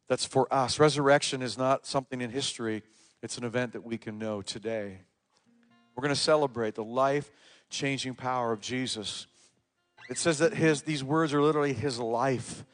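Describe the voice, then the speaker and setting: A pastor preaching a sermon to his church, pressing hard on key words and then dropping to quiet, low asides. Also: dry recording. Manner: emphatic, swings from loud stresses to quiet low asides. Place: church service.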